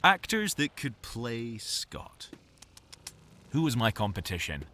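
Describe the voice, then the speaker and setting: A man's voice: medium pitch, sing-song, slow, sharp tone, a little hiss or hum. A male voice actor talking in a playful, rambling monologue from his home audio booth, jokey and self-mocking. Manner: jokey and self-mocking, full of fillers and restarts.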